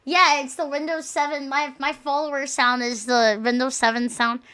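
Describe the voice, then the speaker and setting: A young adult woman streaming and chatting casually, loud, crude and joking, swearing often. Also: high-pitched, little pitch movement, moderate pace, slight background noise.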